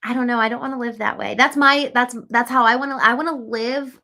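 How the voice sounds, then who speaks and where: A woman's voice: fairly high pitch, fairly even intonation, fairly quick, pushed and bright. A woman hosting a casual livestream, talking earnestly and reflectively and reading out chat comments, with frequent ums and likes. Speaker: livestream host.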